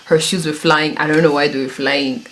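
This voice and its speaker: A woman's voice: low-pitched, fairly even intonation, moderate pace. A woman in her twenties telling a casual story, chatty and self-mocking, laughing often. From Congo and South Africa. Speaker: YouTuber.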